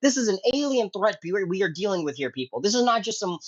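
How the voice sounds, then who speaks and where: A man delivering a comedic angry rant as an online commentator, profane and explosive, swinging between low mutters and sudden yelling. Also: very animated, fast, lo-fi sound.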